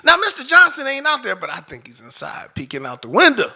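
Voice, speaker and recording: A man telling a personal story live on stage into a microphone, animated, swinging from loud outbursts to hushed moments. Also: extremely high pitch, brisk, vocal fry. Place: stage before an audience.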